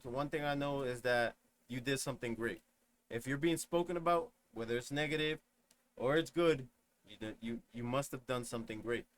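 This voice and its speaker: A man's voice: mid-range voice, a bit bright, slight background noise. A young man streaming a reaction, talking casually in slang and rambling through his thoughts. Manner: reflective, rambling, uses slang.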